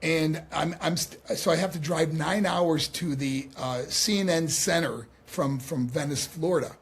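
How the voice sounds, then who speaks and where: Guest man, 60s, from New York, husky, lively, acts out his anecdotes. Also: a little high, a little slow. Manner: animated, acts out quotes, laughs often. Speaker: guest, former pro wrestler. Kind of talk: storytelling in a podcast conversation.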